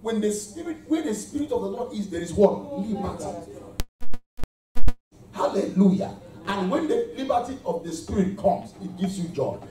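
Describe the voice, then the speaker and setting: A man's voice: high-pitched, sing-song, moderate pace, warm tone, faint music behind. A man preaching a sermon to a congregation, leading call-and-response and calling out praise between points. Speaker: pastor. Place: church hall with congregation. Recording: echoey hall, mic far off.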